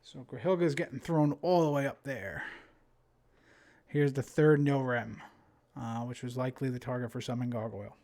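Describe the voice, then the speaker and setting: A young man with a New Jersey accent chats casually on a live stream while commenting on a card game, full of fillers and restarts. His voice is medium-pitched, a little mellow, at normal speed.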